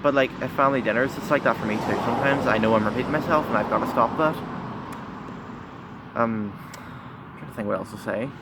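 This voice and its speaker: Shy, halting teen guy outdoors with traffic. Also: mid-range voice. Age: teens. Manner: shy and halting, many pauses, fillers and restarts. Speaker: vlogger. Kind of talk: candid confessional vlog. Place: outdoors by a busy road. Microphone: phone camera. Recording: phone recording with loud traffic noise. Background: passing cars.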